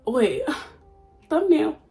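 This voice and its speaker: A woman's voice: high voice, very animated, drawn-out words, gravelly, mellow, soft background music. A nineteen-year-old woman vlogging at home in a chatty, playful, oversharing way. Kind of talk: casual chat. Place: at home under a ring light.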